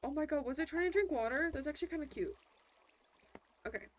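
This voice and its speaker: This woman talks fast in a high-pitched voice, offering casual, rambling commentary as she plays a video game. She's chatty and keeps breaking off mid-sentence, interrupting herself as she goes.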